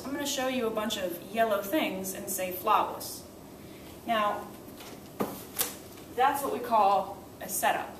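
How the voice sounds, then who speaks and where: A woman's voice: on the high side, noisy background. Woman teacher, far off in an echoey room. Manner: explains step by step, asks "right?" often. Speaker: language teacher. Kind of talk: classroom explanation of teaching techniques.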